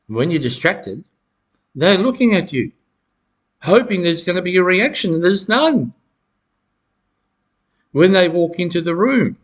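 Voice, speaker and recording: A middle-aged man giving advice straight to camera, halting and repeating words, with frequent chuckles. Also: a little high, fairly bright tone. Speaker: self-help educator.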